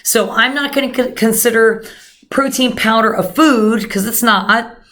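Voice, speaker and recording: A woman's voice: a little high, measured pace, sharp tone. A woman giving a casual nutrition lesson, chatty and full of fillers, talking straight to her viewers. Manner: chatty, many fillers, addresses viewers as guys. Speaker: nutrition coach. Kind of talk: casual instructional talk.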